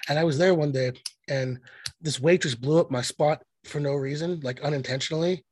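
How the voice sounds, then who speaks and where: A man's voice: a little high, brisk, darkish tone, breathy edge, no room sound. A man co-hosting a podcast in casual chat, blunt and profane, telling rambling stories. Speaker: podcast co-host.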